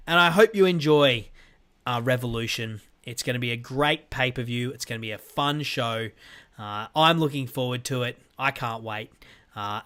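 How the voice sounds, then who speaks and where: A slightly bright, medium-pitched male voice closes out a casual solo podcast. The host, recording in a home room with weights and a guitar, chats loosely and rambles, often restarting and leaning on fillers.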